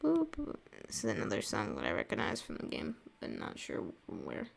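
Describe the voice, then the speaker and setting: A woman's voice: very deep voice, animated, brisk, creaky. A young woman from the United States chatting casually while drawing on a stream, rambling and laughing often. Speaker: artist streaming a drawing session.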